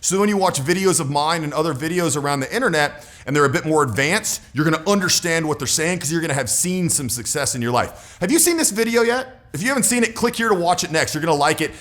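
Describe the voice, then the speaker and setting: A man in his forties giving casual coaching talk straight to the viewer, animated and emphatic. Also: a little high, fast, hardly any pauses. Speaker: social skills coach.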